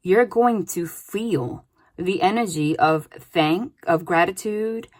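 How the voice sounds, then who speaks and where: This tarot reader talks slowly in a lowish voice, giving a casual spoken reading. She's loose and chatty, regularly dropping in "like" and "okay?".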